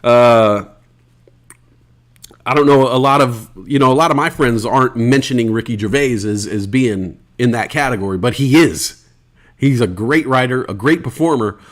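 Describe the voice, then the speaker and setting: A man's voice: mid-range voice, moderate pace. Loose, rambling American man. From United States. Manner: loose, rambling, swears freely. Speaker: podcast host. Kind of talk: casual solo podcast chat, reading listener comments.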